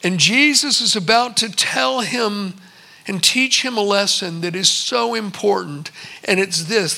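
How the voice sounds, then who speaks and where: A man in his sixties preaching a sermon, telling stories and slowing for emphatic pauses. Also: high-pitched, vocal fry, sharp tone. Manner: storytelling, with slow emphatic pauses. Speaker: pastor.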